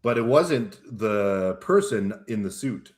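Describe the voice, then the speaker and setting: Lower voiced guy cohosting a comedy show, laughs a lot, lots of uhs and you knows. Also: animated, takes it slowly, darkish tone. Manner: chuckling often, hesitant with fillers. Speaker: returning co-host. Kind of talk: casual comedic banter.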